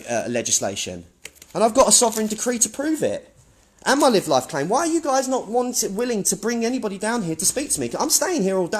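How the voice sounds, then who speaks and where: A man's voice: sits high, slightly rough. A man filming himself as he argues with staff inside a public office building, indignant and repetitive. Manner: indignant, argumentative, repeats himself. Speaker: self-filming activist. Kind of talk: confrontational self-filmed commentary.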